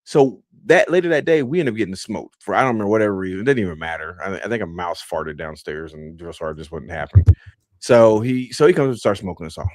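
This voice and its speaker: A man's voice: lowish voice, lively intonation, fast, a little mellow, no room sound. A man hosting a podcast, telling a laid-back, rambling story with many fillers, close to the mic. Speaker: podcast host. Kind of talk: casual storytelling.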